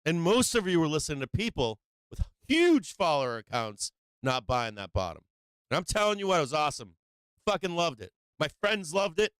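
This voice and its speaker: Man, stock show host, profane, emphatic, slightly high voice, dry close sound. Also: big pitch swings, moderate pace, smooth, no room sound. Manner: swings between loud emphasis and low explaining. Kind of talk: profane live-stream market commentary.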